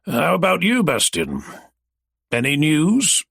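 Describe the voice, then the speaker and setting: A man's voice: on the high side, wildly swooping pitch, takes it slowly, gravelly, a bit bright, slightly rough, no room sound, studio quality, voice pushed up, heavily acted. A man voicing a nosy, mischievous middle-aged man who keeps prying.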